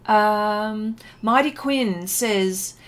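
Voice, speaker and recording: Drawing out her words in a mid-range voice, a middle-aged woman hosts a relaxed art livestream while painting. She chats along, reads viewers' comments aloud and laughs a lot.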